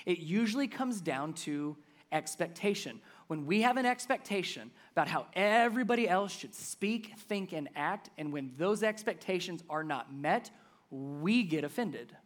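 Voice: mid-range voice, animated, normal speed. Emphatic conversational pastor preaching. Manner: emphatic, conversational preaching that swings between loud stresses and soft asides. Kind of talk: sermon.

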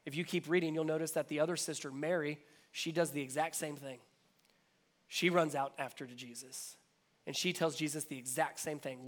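A man's voice: a little high, fairly even intonation, normal speed. A man preaching a sermon as pastor, earnest and repetitive, building his emphasis step by step. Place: church.

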